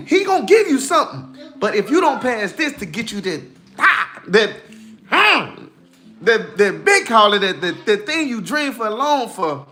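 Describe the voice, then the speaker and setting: Earnest high-voiced man preaching. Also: sharp tone. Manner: earnest, emphatic, folksy, repeats himself. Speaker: live streamer giving spiritual encouragement. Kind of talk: casual preaching on a livestream.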